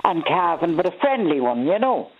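A woman's voice: lowish voice, big pitch swings, normal speed, breathy edge. Casting: older woman caller with a Monaghan accent, gushing, talks over people, muffled line. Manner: warm, effusive, talks over the host.

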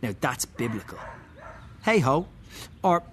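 A man reading a first-person story aloud, slow and wry, with muttered, dry asides. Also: medium pitch, slight background noise.

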